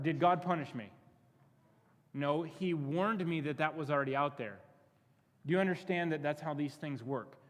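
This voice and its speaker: Energetic man preaching in a reverberant church. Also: on the high side. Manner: energetic, asks the crowd many questions, repeats words. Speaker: youth pastor. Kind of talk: sermon to a youth group. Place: church sanctuary. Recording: long reverb of a church hall.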